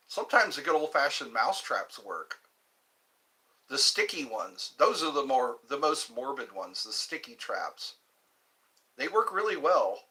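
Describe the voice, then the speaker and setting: A man hosting a casual livestream from home, chatting in a rambling, animated way and reading viewer comments aloud. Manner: chatty, rambling, animated, with pitch leaps when greeting viewers. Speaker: livestream host.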